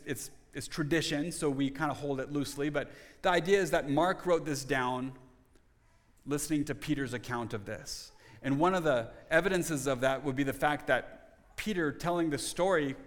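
A man's voice: fairly high pitch, a bit bright, in a large hall. A man preaching a sermon as pastor, earnest and conversational, often restarting his phrases.

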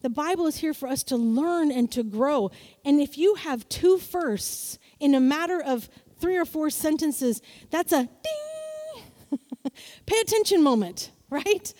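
A woman's voice: sits high, a little slow. A middle-aged woman preaching a sermon, telling stories playfully and acting out voices. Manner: animated, playful storytelling with acted-out voices. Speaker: pastor.

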